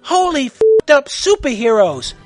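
A man voicing an excitable male monkey sidekick who yelps in an amateur audio story. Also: very high-pitched, measured pace, faint music behind, voice pushed up, heavily acted. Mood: excited. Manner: excited, yelping.

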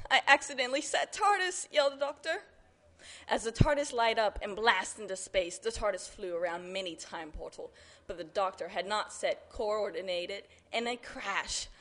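A woman from the audience reading silly fan fiction aloud, halting, with stumbles and shouted lines. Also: medium pitch.

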